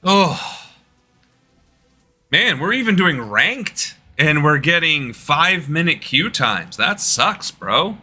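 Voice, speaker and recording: A young American man, a political streamer, jokes loosely with his live-stream chat while playing a game. His voice is a little high and sing-song, slow-paced, pushed and bright, with faint music in the background.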